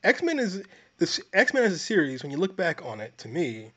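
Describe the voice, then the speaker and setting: A man co-hosting a film review podcast, chatting casually in a dry, deadpan, long-winded way. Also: on the high side, moderate pace. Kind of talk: casual chat. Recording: dull lo-fi audio.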